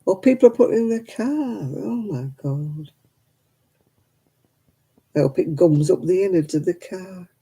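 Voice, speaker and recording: A woman's voice: lowish voice, a little slow, long pauses, dark tone, breathy edge. A tired woman, hosting a casual livestream and chatting with her viewers by name. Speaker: livestream host.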